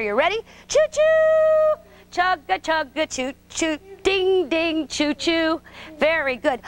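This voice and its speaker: A woman's voice: sits high, bright, forceful tone. A woman coaching a preschool gymnastics class, giving short, sing-song, encouraging directions to small children in a gym. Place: indoor gym.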